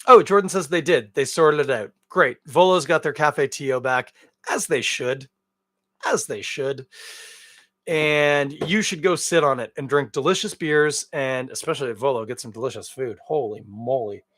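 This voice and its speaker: A man's voice: on the high side, moderate pace, hardly any pauses, no echo, clean studio sound. Rambling, jokey man hosting a podcast. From Canada. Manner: rambling, jokey and animated, with big swings in loudness. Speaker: beer podcast host. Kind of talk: casual solo podcast chat.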